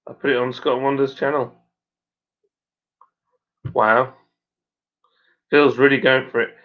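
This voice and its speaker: A man's voice: medium pitch, flat delivery, slow pace. Chatty man with a broad Suffolk accent. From Suffolk, England. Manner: rambling and matey, with many fillers. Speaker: stream host and brewer. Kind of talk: casual live-stream chat reading viewer comments. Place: at home by the fire. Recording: dull lo-fi sound.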